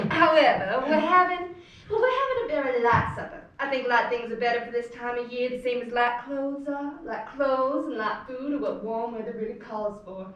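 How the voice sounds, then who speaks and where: A fussing, chattering Southern mother of middle age, as a young actress plays her pours out flowery small talk in a high voice. The stage play is caught from far off, in a bare room that echoes hard. Faint hiss sits under it. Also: fairly bright tone. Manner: gushing, flowery, breathless chatter. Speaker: student actor.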